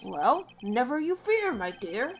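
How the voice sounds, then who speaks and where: A woman's voice: on the high side, sing-song, slow pace, soft background music, heavily acted. A woman voicing a pompous, fussy older male defense lawyer who talks down to his junior in an old-fashioned way. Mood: patronizing.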